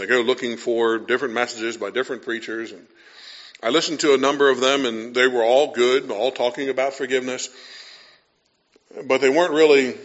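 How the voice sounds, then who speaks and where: A pastor preaching a sermon in a relaxed, conversational way, acting out quoted voices and reading aloud. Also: male voice, medium pitch, dull audio.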